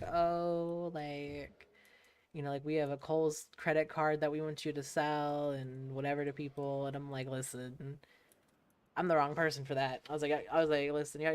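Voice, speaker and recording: A young woman from the United States, whose voice sits low and sounds smooth, streams a game while casually telling stories. Laid-back, she laughs a lot, swears freely, and acts out other people.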